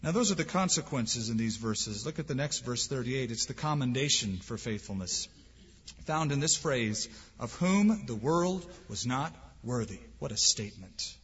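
A man's voice: mid-range voice, animated, moderate pace, a bit bright, slightly rough. A man preaching a sermon as pastor, earnest and emphatic, with rhetorical questions. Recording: dull lo-fi sound with long hall reverb.

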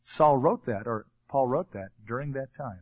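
A man's voice: mid-range voice, animated, normal speed, muffled recording. A man preaching a sermon in a casual, conversational way, reading scripture and retelling it in everyday words.

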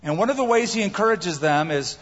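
Husky pastor preaching in a hall. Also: male voice, sits high, lively intonation, fairly quick, highs cut off. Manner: emphatic, repeats key phrases. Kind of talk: sermon. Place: church sanctuary.

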